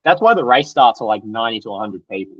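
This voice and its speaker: A young Australian man, an athlete guest, telling race stories in an animated, slangy way and acting out what others said. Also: medium pitch, fast talker, slightly rough, no echo. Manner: animated, acts out quotes, loose and slangy. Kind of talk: casual storytelling interview. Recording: dry, slightly dull podcast audio.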